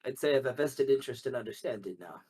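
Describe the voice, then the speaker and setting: A man playing a tabletop game, speaking slowly and deliberately in character. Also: mid-range voice, lively intonation, mellow, breathy edge, low-quality recording. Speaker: player. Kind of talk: tabletop role-play.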